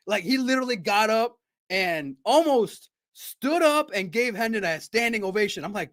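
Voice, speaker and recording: A man hosting a sports podcast, chatting casually and telling animated stories with frequent laughter. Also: sits high, normal speed. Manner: animated storyteller, laughs often, mimics shouting. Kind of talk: casual livestream chat.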